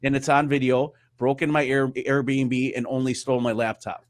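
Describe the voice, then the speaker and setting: A man's voice: medium pitch, little pitch movement, normal speed, no echo. A man, a guest on a casual show, who tells long rambling anecdotes and acts out the quoted exchanges. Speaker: guest, radio news host. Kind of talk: casual chat. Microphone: wearing headphones on a call.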